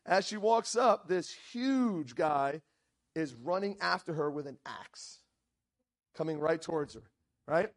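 A man's voice: fairly high pitch, measured pace. A male preacher telling a story in a sermon, acting out the quoted lines and often checking in with "right?". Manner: animated storyteller, frequent "right?" asides, acts out quoted lines. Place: church.

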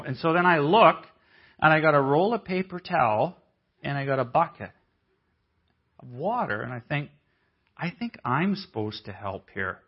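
A man telling a story in a conference sermon, acting out the people he quotes in a lively way. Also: fairly high pitch, normal speed. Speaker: conference speaker. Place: church hall. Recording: dull, muffled audio.

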